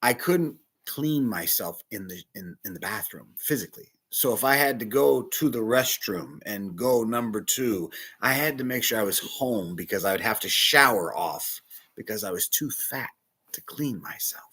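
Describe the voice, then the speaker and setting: Animated bishop preaching, lively husky voice. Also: male voice, fairly low pitch, moderate pace. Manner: emotional personal testimony, animated and confiding. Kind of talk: sermon.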